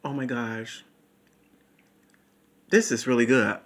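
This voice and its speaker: A man doing a casual food review vlog, talking slowly and savoring each bite, recorded on his phone. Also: mid-range voice, fairly even intonation, a bit bright. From Louisiana Creole. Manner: slow, savoring, breaks into crooning and moans between bites. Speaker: food vlogger. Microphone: phone camera.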